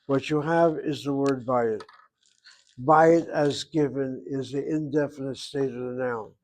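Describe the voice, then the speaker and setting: Male language teacher, medium pitch, patient and methodical lecturing, repeats drill words. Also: steady tone, measured pace, darkish tone. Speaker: Hebrew teacher. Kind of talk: grammar lesson explanation.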